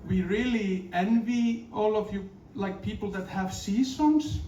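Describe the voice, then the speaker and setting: A man's voice: sits high, unhurried, warm tone, dull audio. A man with an Icelandic accent, a singer-songwriter from Iceland, chatting and joking between songs on a live stage, playful and self-mocking, often laughing. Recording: echoey live room, distant mic, background noise.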